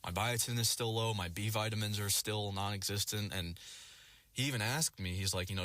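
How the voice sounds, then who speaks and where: A man's voice: lowish voice, fairly quick, a bit bright, dry recording. A young man ranting casually to his viewers, rambling and swearing a lot with plenty of filler words. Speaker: vlogger. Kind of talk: casual rant to camera.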